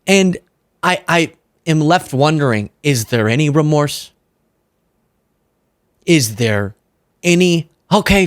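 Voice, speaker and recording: A man's voice: a little high, no room sound, studio quality. A young man hosting a political commentary show, talking in a sarcastic, mocking monologue. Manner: sarcastic, animated, mocks opponents in put-on voices.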